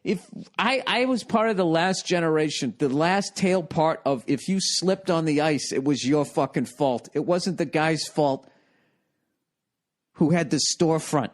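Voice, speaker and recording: A man's voice: on the high side, measured pace. Profane, exasperated man ranting a story. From United States. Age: 40s. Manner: profane, rambling and exasperated, with frequent swearing. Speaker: comedian and podcast host. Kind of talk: comedic podcast storytelling rant.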